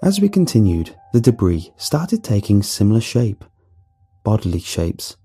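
A man reading a horror story aloud in a dramatic, animated way, with faint music behind. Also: fairly low pitch, measured pace, husky. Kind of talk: scripted horror narration.

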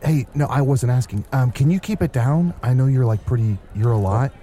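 A man's voice: mid-range voice, fairly quick, mellow, a little hiss or hum, close to an everyday voice. A man improvising a fussy, irritable male podcaster in a fantasy tavern. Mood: irritated. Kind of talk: improvised comedy role-play.

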